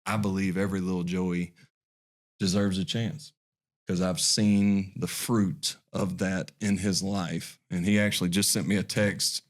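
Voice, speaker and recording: A man's voice: low voice, little pitch movement, unhurried. A man in his forties, a podcast guest, telling a heartfelt personal story in an earnest, folksy way, often restarting his phrases. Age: 40s.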